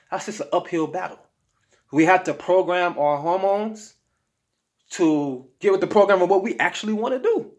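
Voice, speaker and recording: A man giving diet advice to camera in a casual motivational talk, emphatic and slangy, often asking "okay?". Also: fairly high pitch. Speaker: health vlogger.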